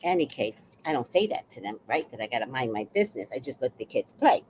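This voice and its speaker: A woman's voice: extremely low pitch, sing-song, fast talker, background noise. A woman telling a neighborhood story in a casual vlog, blunt and profane, acting out the people she describes. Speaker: vlogger.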